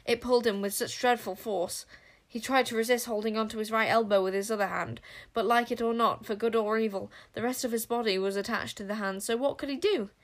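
Expressive woman reading a storybook. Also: a little high, fairly quick, hardly any pauses. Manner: expressive, dramatic. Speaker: narrator.

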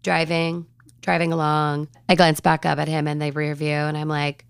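A woman hosting a podcast, telling a personal story in an animated, chatty way. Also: sits low, normal speed, creaky, smooth, no echo, clean studio sound. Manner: animated, chatty, acts out conversations. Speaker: podcast host.

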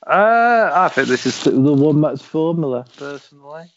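A man's voice: a little high, expressive, moderate pace, muffled recording, slight background noise. A man chatting on a football podcast, laid-back, with brief remarks. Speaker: podcast co-host. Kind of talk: casual banter podcast.

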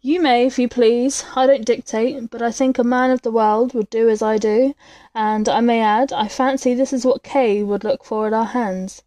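A woman's voice: a little high, fairly even intonation, normal speed, warm tone, no room sound, close to an everyday voice. A woman reading the part of a cool, sneering, unscrupulous young doctor in a spoken story. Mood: coolly persuasive. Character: scheming cynical young male doctor.

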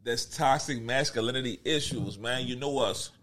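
A man hosting a podcast in casual chat, animated and laughing through slangy banter. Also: medium pitch, moderate pace, a little hiss or hum. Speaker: podcast host.

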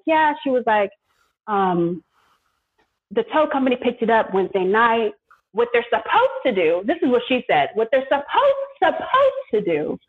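A woman guest venting through an animated story in casual chat, with emphatic, colloquial asides. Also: medium pitch, breathy edge. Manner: emphatic, vents with colloquial asides and quoted exchanges. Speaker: podcast guest. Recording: phone-like, narrow sound.

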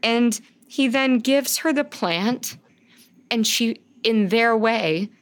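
A woman's voice: a little high, slow pace. Gushing, profane woman podcaster. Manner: profane, gushing, laughs often. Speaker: podcast co-host. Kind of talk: casual podcast chat.

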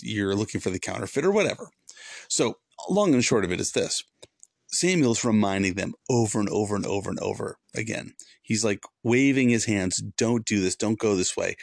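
Former pastor hosting a faith podcast: earnest, repetitive, gravelly lower voice. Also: male voice, animated, normal speed, dry recording, clean studio sound. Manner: earnest, preachy, repeats for emphasis. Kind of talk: devotional podcast talk.

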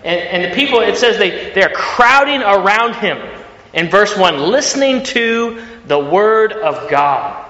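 A man in his late thirties from Ohio with a Midwestern country accent, preaching a sermon in a lively way with many fillers and repeated words. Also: high voice, measured pace. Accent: Ohio country American. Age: late 30s. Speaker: pastor. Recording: echoey hall, dull sound.

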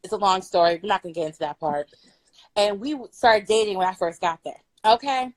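A young woman from Florida telling a true story on a live stream, loud, bubbly and playful, swearing freely. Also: medium pitch, brisk, no echo, poor audio. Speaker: guest storyteller.

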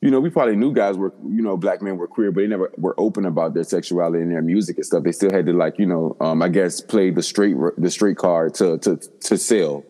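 A young man from Virginia, a rapper guest, talking fast and laughing easily in a casual interview, often repeating himself. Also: low-pitched, dark tone, in a large hall. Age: young adult.

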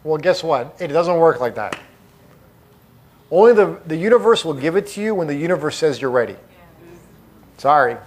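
A middle-aged man whose voice sits a little above the usual male range addresses a live crowd with lively intonation, a moderate pace and long pauses. Like a motivational speaker rallying a room, he's emphatic and punchy, driving each point home through repetition.

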